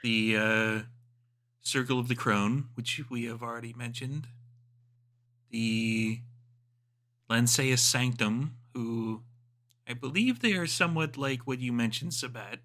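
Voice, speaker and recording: A man's voice: mid-range voice, slow pace, pauses often, a bit bright. A man running a tabletop role-playing game, talking offhand with many fillers. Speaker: game master. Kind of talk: narrating and voicing a tabletop game.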